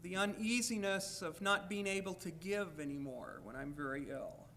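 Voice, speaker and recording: Bright-voiced candid male lecturer. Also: high-pitched, moderate pace, a little hiss or hum. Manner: candid and personal, speaking in the first person; reads aloud from his own writing. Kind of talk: university lecture.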